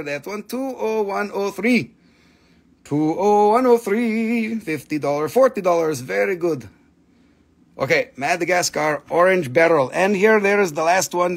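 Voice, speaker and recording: Male live-stream host, high gravelly voice, crude jokey sales patter in broken English. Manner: joking, rowdy, swears freely; broken, non-native English grammar.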